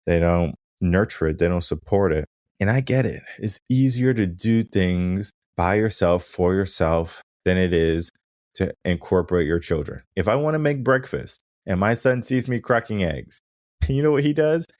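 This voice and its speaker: A podcast host and mindset coach delivers a solo monologue on his own coaching podcast, his low voice moderately paced and a little mellow in a dry, studio-quality recording. He talks casually and conversationally, frequently checking in with "right?", and livens up when acting out things he or others say.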